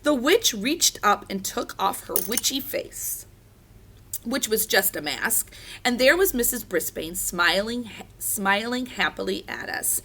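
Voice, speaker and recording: Woman reading a kids book out loud, bright voice, lots of ups and downs. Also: medium pitch, a little slow. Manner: animated, doing character voices. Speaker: reader. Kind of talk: storybook read-aloud.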